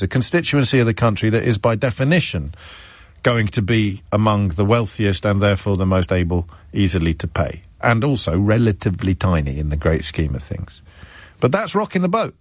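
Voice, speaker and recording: A man's voice: mid-range voice, no echo. A man hosting a talk radio show, giving sardonic, emphatic commentary from a studio mic. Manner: sardonic, emphatic, reads quotes aloud. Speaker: radio phone-in host. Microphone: close studio mic.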